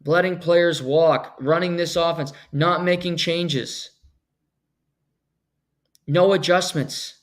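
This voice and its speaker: A man's voice: on the high side, steady tone, slow pace, long pauses. A man hosting a solo sports podcast, talking bluntly and sarcastically, ranting with sudden emphatic jumps. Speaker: podcast host.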